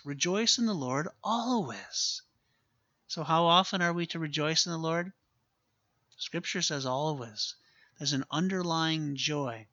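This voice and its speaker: A man's voice: a little high, pushed and bright, no echo, highs cut off. A man preaching a sermon as a pastor, earnest and emphatic, repeating his key phrases for weight.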